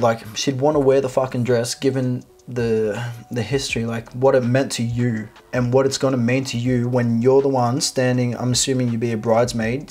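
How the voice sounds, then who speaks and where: Husky-voiced male host, blunt and sarcastic post commentary, heavy swearing. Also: medium pitch, a little mellow. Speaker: video host. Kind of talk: reading and commenting on a reddit post.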